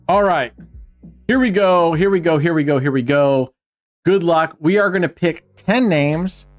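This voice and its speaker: Male stream host, upbeat teasing banter, a bit high-pitched, soft music bed. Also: animated, a little slow. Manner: joking, teasing banter with chat. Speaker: livestream host. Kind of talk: casual livestream chat.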